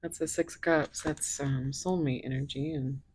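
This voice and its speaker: A woman's voice: deep voice, fairly even intonation, normal speed, darkish tone, slightly rough. A woman doing a tarot reading, musing and thinking aloud with frequent fillers. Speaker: tarot reader.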